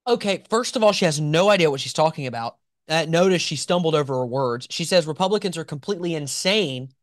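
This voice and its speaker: A male host giving opinionated political commentary, sarcastic and animated, with mocking asides. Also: a little high, fast, no echo, studio quality.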